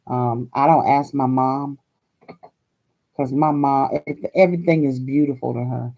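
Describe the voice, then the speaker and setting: A woman's voice: very deep voice, moderate pace, gravelly, dull audio. An older woman from Hawaii hosting a crafting vlog, chatting in a folksy, chatty way and laughing often. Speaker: crafting channel host.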